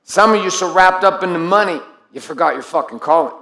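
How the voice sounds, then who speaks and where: A man's voice: high-pitched, brisk, creaky, bright, forceful tone, echoey room. A man giving a blunt, profane and intense motivational speech to his group, calling on people by name. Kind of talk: live motivational speech to an audience.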